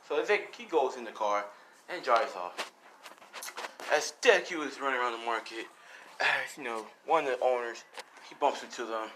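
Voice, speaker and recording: A man's voice: medium pitch, animated, normal speed, bright, forceful tone, a little hiss or hum, low-quality recording. A man casually narrating a fan-made story, rambling with lots of fillers. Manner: rambling, many fillers like "you know" and "as".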